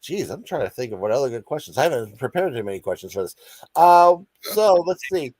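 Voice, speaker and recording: A man's voice: medium pitch, big pitch swings, a little fast, a little mellow, no echo. An older man hosting a casual show, rambling and chatty in his talk. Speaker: host. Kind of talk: casual live-stream chat.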